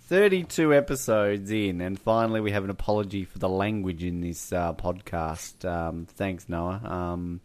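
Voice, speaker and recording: A man's voice: low voice, normal speed, hardly any pauses. A man co-hosting a podcast, chatting casually about a film in a wry, teasing way. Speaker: podcast co-host. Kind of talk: casual film review chat.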